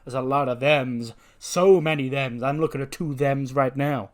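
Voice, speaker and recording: A man's voice: medium pitch, normal speed, natural voice. A man doing a cocky wrestler trash-talking. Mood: taunting. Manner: brash, stammering trash talk. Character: cocky male wrestler taunting a rival.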